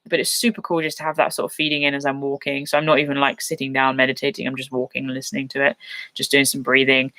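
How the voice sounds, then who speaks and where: A woman's voice: deep voice, pushed and bright, dry recording. A young woman hosting a casual live stream, reading viewer questions and chatting with frequent laughs. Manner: chatty, self-deprecating, laughs often.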